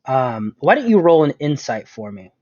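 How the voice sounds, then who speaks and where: A man's voice: medium pitch, sing-song, moderate pace, a little mellow, no room sound. A man narrating as game master of a tabletop game, in a chatty way with frequent ums and laughs. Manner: chatty, laughs often, fills with um. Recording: dull lo-fi sound, dry room.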